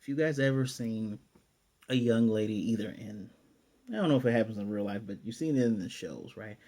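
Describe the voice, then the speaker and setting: An anime reviewer with a mellow, warm, fairly low voice gives a casual, chatty recap of an episode, speaking a little fast. He retells it animatedly, often paraphrasing the characters' lines, and his loose delivery is full of fillers and self-corrections.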